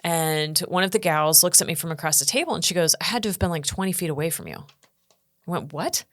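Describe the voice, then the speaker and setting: A woman's voice: sits low, fast, dry recording, clean studio sound. A middle-aged woman from the United States telling her story earnestly as a podcast guest, acting out what others said. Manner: earnest, animated storytelling with acted quotes. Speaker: guest speaker and coach.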